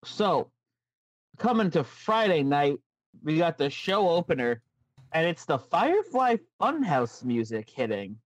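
A man co-hosting a relaxed podcast, spinning a story in quick, chatty bursts. His voice sits a bit high and the room sounds dry and close. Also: no echo. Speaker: podcast co-host. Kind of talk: casual chat, recapping a made-up wrestling show.

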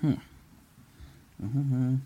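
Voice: medium pitch, fairly even intonation, very slow, warm tone, husky, muffled recording. An improviser playing a bookstore customer, bargaining with laughing disbelief. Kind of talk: improvised comedy scene.

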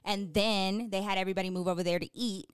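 Animated young woman, smooth and dry. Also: medium pitch, fast talker, no echo. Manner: animated storytelling, acts out quotes. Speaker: podcast co-host. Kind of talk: casual chat.

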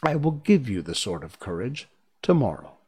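A man's voice: mid-range voice, very animated, moderate pace, a little mellow, slightly rough. A man voicing a humbug wizard who is meek and apologetic, talking in a pleading, self-deprecating way.

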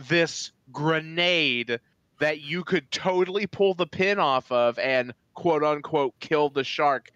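A man co-hosting a podcast in a slow, unhurried drawl, with a bright, forward tone. He spins deadpan mock-expert rambles full of ums and uhs. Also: fairly high pitch, clean tone, no room sound. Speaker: podcast co-host. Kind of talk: casual comedic chat.

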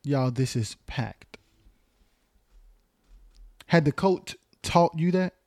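Slow, emphatic man hosting a podcast. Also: a little high, expressive, darkish tone, no echo, studio quality. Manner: emphatic, probing with questions. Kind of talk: casual podcast conversation.

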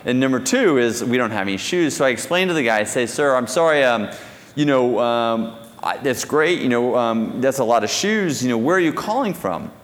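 A man tells an animated story from a live conference stage, playing out both sides of a phone call as he goes. His medium-pitched voice carries a long reverb from the big hall. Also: moderate pace. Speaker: company founder telling a story on stage.

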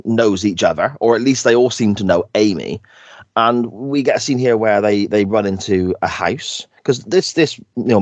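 A man's voice: sits low, no room sound. A man co-hosting a podcast, chatting casually and laughing as he retells episode scenes with quoted lines. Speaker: podcast co-host. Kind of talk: casual chat recapping an episode.

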